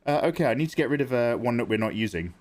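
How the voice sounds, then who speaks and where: A man's voice: medium pitch, expressive, racing, a little mellow. Guy streaming his art, rambles and jokes with chat, voice jumps all over. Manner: rambling, jokey, talks to chat. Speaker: art livestreamer. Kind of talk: casual livestream chat while drawing.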